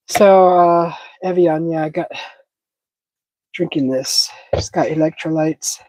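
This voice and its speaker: A woman's voice: deep voice, takes it slowly, pauses often, warm tone, no room sound, low-quality recording. Sniffly woman chatting while cooking. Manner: chatty, reads viewer comments aloud while cooking. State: sniffly, stuffy head cold. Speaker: cooking livestream host. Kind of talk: casual live cooking chat.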